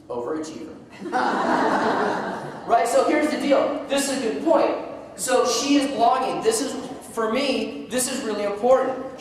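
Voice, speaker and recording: With a very high voice, a male seminar presenter delivers an energetic conference talk in a large hall, joking with the live audience and asking them questions. He's recorded from a distance, so the hall's echo comes through.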